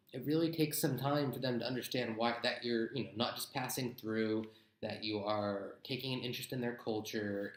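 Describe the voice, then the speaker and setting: A man's voice: medium pitch, fairly bright tone. Blunt, chatty young man in echoey room. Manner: chatty, blunt, gives tips with mock examples. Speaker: travel vlogger. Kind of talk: casual advice vlog to camera.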